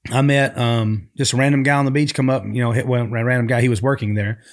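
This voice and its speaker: A man from Tennessee co-hosting a podcast, telling stories in casual chat and acting out what people said. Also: mid-range voice. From Tennessee, United States. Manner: fast, lively storyteller who acts out quotes. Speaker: podcast co-host.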